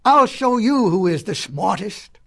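A woman's voice: mid-range voice, expressive, measured pace, vocal fry. A woman voicing a boastful, bossy big bad wolf in a storybook reading, blustering and commanding.

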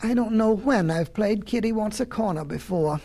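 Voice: medium pitch, animated, normal speed, creaky, warm tone. A storyteller voicing a tired, friendly old male goat in a storybook, weary and chatty.

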